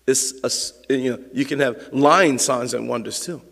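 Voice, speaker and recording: A man's voice: mid-range voice, normal speed, creaky, fairly bright tone. A man preaching a sermon as pastor, in an emphatic, conversational way, acting out the quotes he reads. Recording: long reverb of a large hall.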